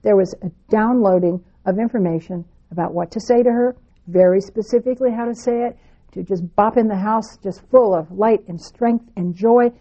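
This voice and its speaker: A woman telling a spiritual personal story in an animated, expressive way, with sweeping phrases. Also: medium pitch, normal speed, lo-fi sound.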